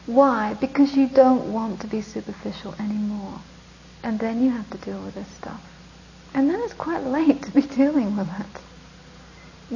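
A woman's voice: on the high side, dark tone, lo-fi sound, slight background noise. A woman teaching Buddhist meditation in an informal dharma talk, chatting conversationally, laughing often and asking rhetorical questions.

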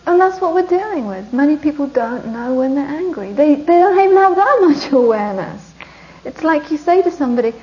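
A woman with a fairly high but mellow, soft-edged voice gives a relaxed Buddhist dharma talk. She keeps it conversational, tosses in rhetorical questions and laughs easily as she teaches. The recording is dull and lo-fi. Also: fairly quick.

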